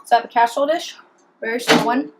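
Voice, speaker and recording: Filming a home cooking vlog in her kitchen, a woman chatters in an upbeat way and keeps talking as she eats. She speaks rapid-fire in a fairly high voice against heavy background noise.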